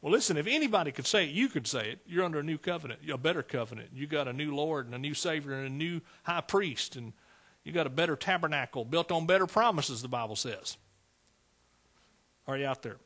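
A man's voice: a little high, animated, fast talker, a bit bright, slightly rough. A man preaching a fervent sermon, calling out to his congregation.

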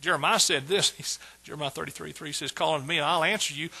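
A man delivers a sermon in a strikingly bright, husky voice pitched a little high. He talks emphatically, jumping from hushed asides into loud bursts of praise. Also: fast talker, low-quality recording. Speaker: preacher.

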